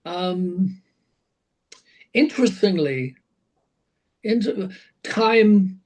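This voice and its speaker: A man, a rock singer being interviewed, telling animated anecdotes full of fillers and restarts. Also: sits high, extremely slow, rough recording. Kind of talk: casual interview storytelling.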